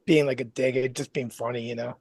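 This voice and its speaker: A man's voice: medium pitch, steady tone, a little fast, darkish tone, no room sound. A man as a podcast guest, telling stories casually and laughing often.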